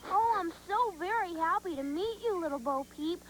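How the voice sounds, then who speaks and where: A woman voicing Dumbo as a gentle, kind young elephant on a children's TV show, talking in a soft, reassuring, unhurried way. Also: extremely high pitch, animated, slight background noise, rough recording.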